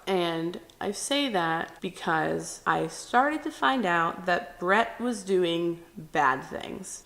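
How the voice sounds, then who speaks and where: A woman's voice: fairly low pitch, fairly bright tone. A young woman talking candidly to the camera, telling a personal story and acting out what people said. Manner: candid, chatty, acts out quotes. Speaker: vlogger.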